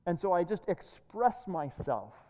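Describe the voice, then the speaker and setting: Brief: earnest woman preacher with a warm, relaxed tone, given to restarts, heard in a reverberant hall. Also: on the low side, a little slow. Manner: earnest, with frequent word repeats and restarts. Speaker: pastor. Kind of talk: sermon.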